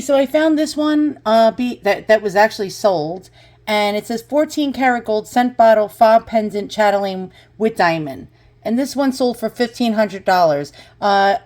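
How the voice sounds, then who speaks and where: A woman hosting an unboxing vlog, talking through her finds in a casual, chatty way. She keeps breaking into excited exclamations as she compares prices. Her voice sits at an ordinary middle pitch. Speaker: vlogger. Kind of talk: unboxing and price research chat.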